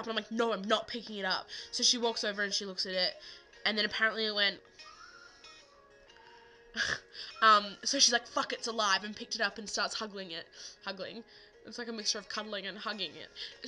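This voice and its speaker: A woman's voice: mid-range voice, bright, forceful tone, low-quality recording. A teenage girl telling a story to camera in a rambling, casual way, full of fillers and swearing. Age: teens. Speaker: vlogger.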